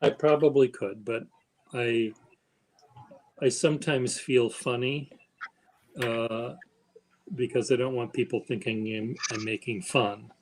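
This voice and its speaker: A man hosting a casual stream chat, speaking slowly and haltingly in a flat, even tone. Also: medium pitch, a little hiss or hum, low-quality recording. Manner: slow, halting, self-described monotone. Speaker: stream host.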